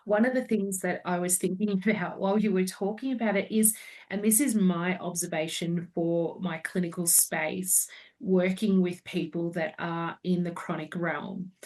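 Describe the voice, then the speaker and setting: A woman's voice: fairly low pitch, a little mellow. A woman in her forties, a naturopath guest talking through her clinical experience in an earnest, explaining way. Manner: earnest, explains at length with own examples. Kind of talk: casual podcast chat. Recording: voice a bit distant from the mic.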